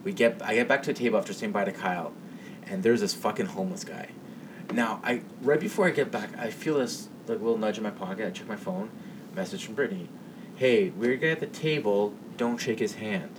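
A man co-hosting a podcast, telling a story in halting casual chat and often repeating words. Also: fairly low pitch. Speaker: podcast co-host. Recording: distant mic with audible hiss.

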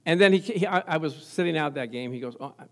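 A man's voice: on the high side, lively intonation, fast talker, a bit bright. A man preaching a sermon as pastor, telling everyday stories, laughing often and calling out to the congregation for amens. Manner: storytelling with call-and-response, laughing often.

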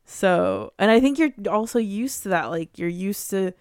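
Young woman, casual chat, earnest and emotional, smooth clear voice, dry close sound. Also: medium pitch, very animated, darkish tone, no room sound. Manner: emotional, earnest, quick bursts of emphasis. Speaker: girlfriend in couple conversation.

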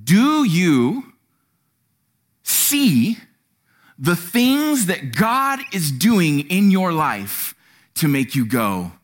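A man preaching a sermon in a church, animated and acting out quotes. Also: takes it slowly. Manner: animated, acts out quotes with sudden pitch jumps. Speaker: pastor.

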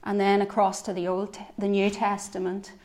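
A woman giving a devotional sermon, earnest, swinging between soft reflective lines and emphatic ones. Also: medium pitch, monotone, normal speed. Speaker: preacher.

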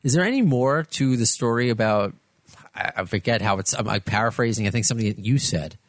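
A man's voice: medium pitch, expressive, fairly quick, dry recording. A man hosting an interview, asking rambling questions with many restarts. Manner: rambling, repeats words when asking questions. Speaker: interviewer host. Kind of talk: casual interview.

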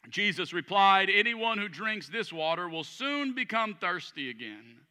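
A man preaching from the pulpit in a fairly high, piercingly bright voice. He reads scripture and presses his points home with building emphasis. His words ring out through a church hall with a long reverb. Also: very animated, measured pace, hardly any pauses, clear, resonant tone. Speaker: pastor. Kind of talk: sermon. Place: church sanctuary.

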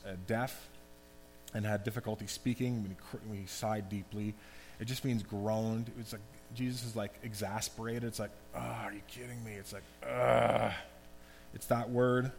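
A man giving a conversational, animated sermon as pastor. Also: medium pitch. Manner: conversational, animated preaching with asides. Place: church hall. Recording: long hall reverb, faint hum.

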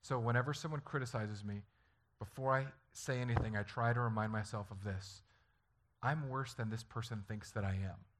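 Bright-voiced man preaching earnestly. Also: mid-range voice, moderate pace. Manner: earnest, conversational preaching that acts out family stories with sudden loud outbursts. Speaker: pastor. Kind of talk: sermon.

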